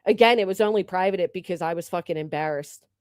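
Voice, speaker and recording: A woman's voice: lowish voice, fast, no room sound, studio quality. A woman hosting a livestream, delivering an upset and indignant rant full of profanity. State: upset and agitated. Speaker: livestream host.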